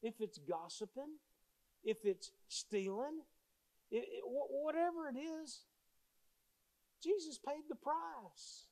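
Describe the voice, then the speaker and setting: A man's voice: very high voice, takes it slowly, pauses often, a little mellow. A male pastor preaching a sermon with emphasis, repeating key phrases as he tells stories.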